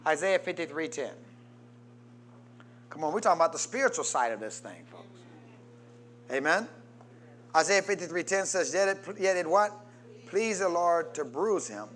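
Here a man acting as pastor preaches to his congregation, urging them to respond. He shifts back and forth from booming, emphatic lines to hushed asides.

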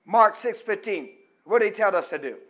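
In a high-pitched, expressive voice at a moderate pace, a middle-aged preacher leads a sermon where the congregation completes his phrases. He shifts between quiet teaching and loud, emphatic preaching.

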